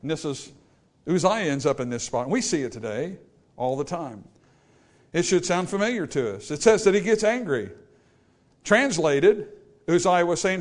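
Guy preaching, highish voice all over the place, acts out the people he quotes, gets loud then goes quiet. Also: expressive, moderate pace, long pauses. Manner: swings from hushed asides to loud preaching peaks. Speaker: pastor. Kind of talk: sermon.

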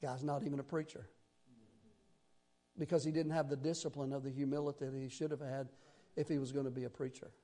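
A middle-aged man from Tennessee with a Southern accent, preaching a sermon in a folksy, rambling way with sudden loud bursts. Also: medium pitch, little pitch movement, fairly quick, long pauses. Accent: Southern American. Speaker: pastor.

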